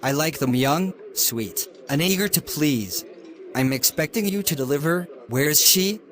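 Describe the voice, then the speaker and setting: A man's voice: a little high, animated, measured pace, fairly bright tone, a little hiss or hum. Bobby, a man playing a leering rich predator. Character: smooth-talking predatory wealthy man. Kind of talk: animated story voice acting.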